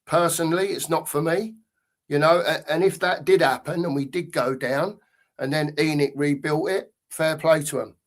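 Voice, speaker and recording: Male co-host, slightly high voice, rambling, thinks aloud. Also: fairly even intonation, moderate pace. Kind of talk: casual football fan chat.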